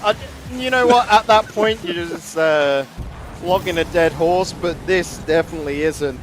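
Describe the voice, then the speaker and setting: Excitable man doing esports play-by-play. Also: a little high, a little hiss or hum. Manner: excitable, quick exclamations over replays. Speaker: esports commentator. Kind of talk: live play-by-play commentary.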